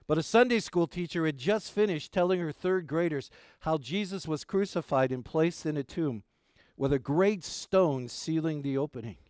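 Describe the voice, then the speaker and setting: A middle-aged pastor preaching an Easter sermon, folksy and animated when telling stories, soft and gentle in prayer. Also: male voice, on the high side, clear, resonant tone, dry recording, studio quality. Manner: folksy, animated storytelling with jokes.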